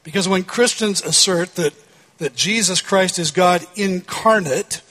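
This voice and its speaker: A middle-aged male pastor with a head cold delivers a measured, deliberate Sunday sermon. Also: sits high, sharp tone, poor audio. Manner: measured, deliberate preaching with occasional fillers.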